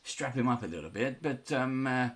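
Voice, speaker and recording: A man's voice: medium pitch, expressive, normal speed, fairly bright tone. A man doing a stammering, flustered sanatorium doctor. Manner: stammering, defensive, fussy. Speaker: game master.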